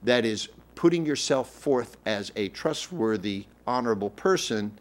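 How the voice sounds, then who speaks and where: Male speaker, mid-pitched, coaching tone; drives each point home by repeating it. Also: animated, measured pace. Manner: emphatic, repeats and rephrases points; coaching, acts out example phrasings. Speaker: relationship talk speaker. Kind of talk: livestreamed teaching talk.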